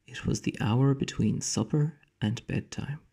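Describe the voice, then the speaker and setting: Male teacher reading aloud to kids; husky, mellow, slow, with hushed whispers. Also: mid-range voice. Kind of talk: storybook read-aloud.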